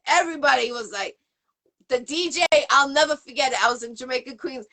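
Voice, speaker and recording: A woman from the area hosts a casual interview, her clear as she rambles cheerfully through shout-outs and "um"s. Her voice sits a little high and sounds bright and forceful. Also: fairly quick. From Boston area, USA. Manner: rambling, upbeat, full of shout-outs and fillers. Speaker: interview show host.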